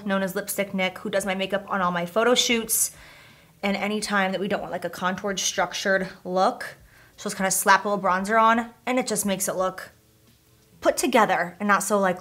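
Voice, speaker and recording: A young woman chatting casually through a makeup tutorial, gushing over products and sometimes dropping to a soft near-whisper. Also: mid-range voice. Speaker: beauty vlogger.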